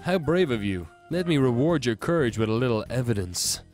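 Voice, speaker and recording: A man putting on a suave male pigeon with a mock French accent, smooth and flirtatious, his voice rising and falling with theatrical charm. It is a playful dating-sim performance. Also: medium pitch, animated, fairly quick, darkish tone, faint music behind, lightly acted. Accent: put-on French.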